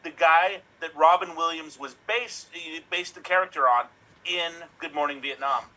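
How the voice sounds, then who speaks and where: A male improviser eagerly shares geek trivia. His voice is bright and a little high. He speaks with quick enthusiasm. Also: poor audio. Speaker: improv performer.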